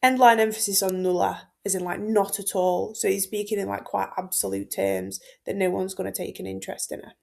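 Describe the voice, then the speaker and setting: A Latin teacher explains a poem for exam revision, line by line. She is loose and chatty, full of fillers and asides. Her voice has a gravelly fry running through it at a middling pitch. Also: little pitch movement, brisk, few pauses, a little mellow. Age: 30s. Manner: chatty and informal, with frequent fillers. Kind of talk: exam-focused text explanation.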